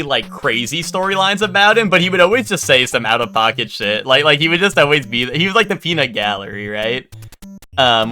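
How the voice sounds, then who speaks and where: A man with a fairly high, bright voice tells a long, rambling story to his live audience. His pitch swings widely as he talks, and he keeps stopping to restart his sentences. Faint music plays underneath. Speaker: livestreamer. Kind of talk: casual livestream chat.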